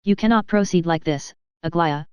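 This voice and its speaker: An agitated older father, a general, from an audiobook, voiced by a text-to-speech reader. Very smooth and dry delivery, a touch lo-fi. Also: mid-range voice, moderate pace, dry recording, close to an everyday voice. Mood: flustered. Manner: even synthetic reading.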